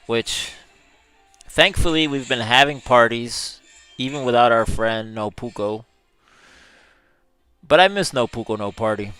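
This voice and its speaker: A man hosts a livestream in a relaxed, chatty way, reading viewer comments aloud and chuckling along. His voice is smooth and clear, and he takes his time over the words. Soft music plays faintly behind him. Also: mid-range voice, measured pace, pauses often. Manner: easygoing, chuckles often, drawls words. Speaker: livestream host.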